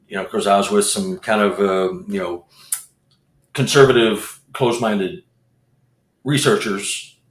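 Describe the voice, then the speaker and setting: In a reverberant space, a man with a lowish voice who researches Bigfoot and leads expeditions spins a meandering story, full of restarts and repeated words.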